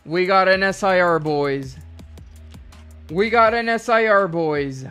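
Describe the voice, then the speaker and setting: A woman hosting a live card-opening stream, excitable and repeating hype phrases in bursts. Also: lowish voice, takes it slowly, clean tone, soft background music.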